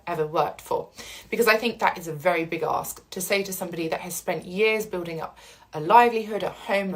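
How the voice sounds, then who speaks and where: A woman's voice: on the low side, a bit bright, rough recording. A woman talking casually and earnestly about coping with upheaval, reassuring the listener and acting out the feelings people go through. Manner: earnest, reassuring, acts out inner voices. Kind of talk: casual talk to camera about coping with change.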